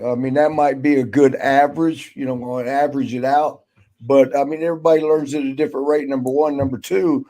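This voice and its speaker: A man's voice: fairly high pitch, dark tone. An older man, a guest on a casual chat show, rambling through a story and acting out what people said. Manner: rambling storyteller, acts out quotes. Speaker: guest, former wrestler.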